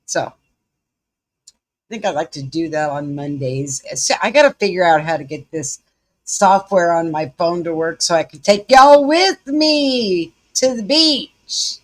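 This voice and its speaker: Hosting a live stream from her home, a woman with a Southern US accent chats folksily with viewers in casual commentary. Her voice is on the low side and her pace measured.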